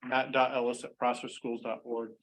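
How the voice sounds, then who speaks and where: A man's voice: medium pitch, little pitch movement, moderate pace, low-quality recording. Easygoing man explaining at a school board meeting. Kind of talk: casual meeting discussion.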